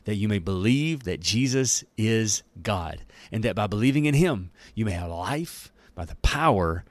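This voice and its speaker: A man's voice: fairly low pitch, expressive, normal speed, dry recording. A man leading a daily Bible-reading devotional in an enthusiastic, conversational way, with casual asides and laughs. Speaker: Bible teacher.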